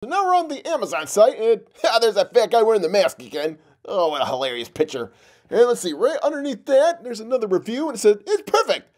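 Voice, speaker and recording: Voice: mid-range voice, sing-song, fairly quick, darkish tone. A performer voicing a giggly male puppet who hosts a comedic toy review show, laughing constantly and exclaiming through it. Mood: giggly, amused. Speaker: host.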